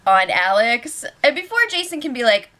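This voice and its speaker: Woman host, bright and slightly high voice, chatty opinionated recap with quick asides. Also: very animated. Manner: chatty and opinionated, acts out quotes. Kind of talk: casual spoiler recap.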